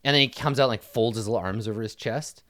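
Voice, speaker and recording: A man's voice: medium pitch, quick pace, a bit bright. A man narrating as dungeon master in a loose, rambling casual way. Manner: loose, rambling, filler-heavy. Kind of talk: casual tabletop game narration.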